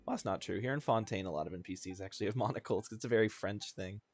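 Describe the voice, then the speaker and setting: Man, lower voice, casual let's-play host, rambly and self-deprecating, faint game music underneath. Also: very fast, husky. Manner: rambling, chatty, self-deprecating, laughs often. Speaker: gaming video host.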